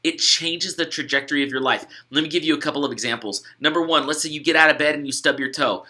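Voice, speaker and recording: Fairly high-pitched, pushed and bright, a young adult man speaks quickly as he explains a gratitude study to participants. He is an author, and his upbeat, casual video instructions include fillers and restarts.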